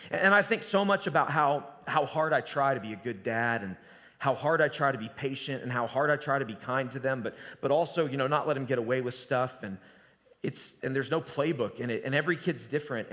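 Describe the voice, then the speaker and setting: A man's voice: medium pitch, a little fast. Man preaching in an echoing church hall. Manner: conversational storytelling with sudden drops to a hushed voice. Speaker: pastor. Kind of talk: sermon. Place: church sanctuary. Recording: long reverb of a church hall.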